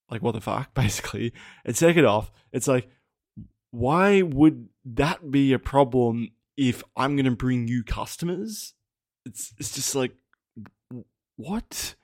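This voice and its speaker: A man's voice: medium pitch, dry recording, studio quality. Candid Australian man hosting a podcast. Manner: candid, swears freely, laughs often. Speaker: podcast host. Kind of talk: casual solo podcast storytelling.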